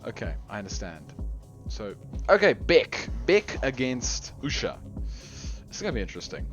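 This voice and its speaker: A man commentates live on a game tournament, reading chat aloud, joking with viewers, and laughing often. His medium-pitched voice swoops wildly at a normal speed, with faint game music behind him.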